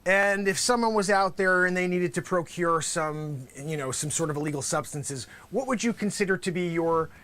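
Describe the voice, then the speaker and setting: A man's voice: high-pitched, normal speed, hardly any pauses, fairly bright tone. A male host acting out an improvised courtroom sketch as a lawyer, talking theatrically and dropping into whispers for emphasis.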